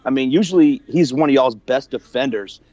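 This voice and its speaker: A friendly man calls into a sports stream and walks through the game in a relaxed way. His line sounds dull and dry, without room sound. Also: mid-range voice, brisk, no room sound. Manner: friendly, relaxed, says man and brother a lot. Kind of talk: casual sports analysis.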